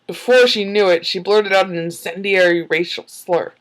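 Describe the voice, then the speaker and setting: A woman's voice: mid-range voice, steady tone, normal speed, rough recording. A woman reading a book aloud in a casual way and breaking off for sarcastic, giggly commentary. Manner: snarky, sarcastic asides; giggles often.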